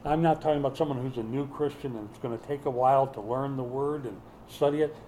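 A man's voice: mid-range voice, fast talker, dark tone, slight background noise, low-quality recording. A middle-aged male pastor preaching a sermon, mixing folksy family stories and humor with scripture teaching.

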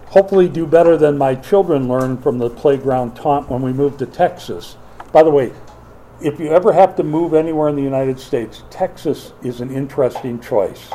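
A middle-aged man preaching a sermon as pastor, lively and playful, acting out taunts and quoted voices. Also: a little high, normal speed, rough recording.

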